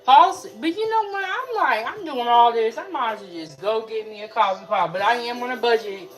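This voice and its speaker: Chatty woman hosting a lively cooking stream. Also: a little high, moderate pace, faint music behind. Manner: chatty, reads out and answers live chat comments. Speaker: cooking show host. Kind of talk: casual cooking livestream chat. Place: home kitchen.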